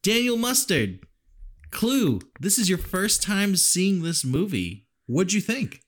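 A man's voice: high-pitched, very animated, slow pace. Laughing, foul-mouthed podcast host man. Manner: loose, laughing and profane. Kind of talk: casual chat.

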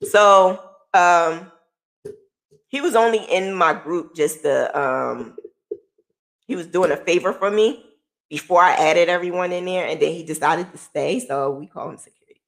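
A woman telling her own story in a casual vlog, candid and emotional, swearing freely, her voice dropping low and quiet, then rising loud and laughing. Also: measured pace, creaky, long pauses.

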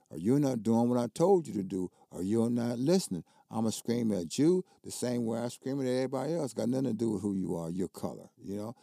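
With a medium pitch, vocal fry and a dark tone, this older coach of basketball tells stories as a guest in a colloquial, emphatic way, repeating himself when riled up. The recording is dry and clean, studio grade.

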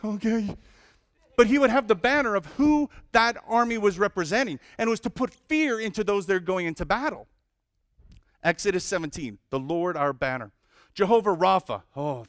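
A male pastor preaching a sermon, listing names of God with lively emphasis and humorous asides. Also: sits high, moderate pace, no echo, clean studio sound.

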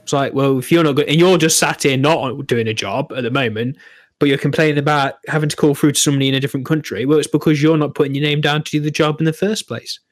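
Animated co-host who rambles, heavy on filler words, recorded dry. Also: male voice, fairly high pitch, quick pace, no room sound. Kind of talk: casual chat.

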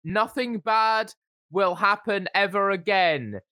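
A young man co-hosting a podcast, chatting sarcastically and now and then breaking into loud whoops. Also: sits high, slow pace, clear, resonant tone, no echo, studio quality. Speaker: podcast co-host. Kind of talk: casual comedic chat. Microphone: podcast mic.

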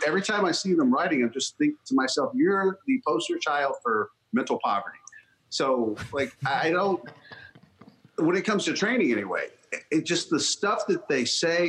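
A man's voice: a little high, a bit bright, poor audio. Man, guest coach, blunt, profane, rambling podcast talk. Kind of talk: casual podcast chat.

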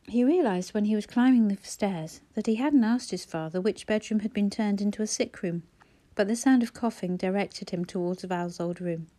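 Mellow woman narrating a novel. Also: medium pitch, moderate pace, few pauses. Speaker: audiobook narrator. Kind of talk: scripted narration.

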